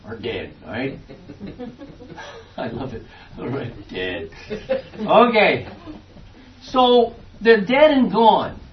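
Lively Bible study teacher, heard from afar. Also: mid-range voice, drawn-out words, long pauses. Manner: lively, explains and quizzes the class. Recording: distant, dull lo-fi room recording.

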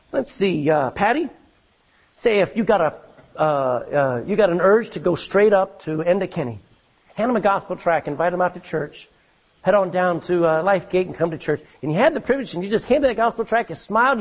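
A man preaching a sermon, reading scripture aloud and swinging between loud emphasis and hushed asides. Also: high-pitched, breathy edge, lo-fi sound.

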